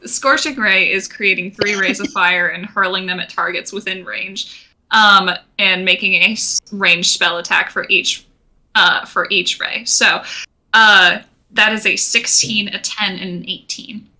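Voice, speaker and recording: A woman with a very bright, sharp voice plays her character in a tabletop game. She hesitates and restarts as she works out rolls. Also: medium pitch, steady tone, measured pace, rough recording. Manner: hesitant, many fillers and restarts. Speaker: player.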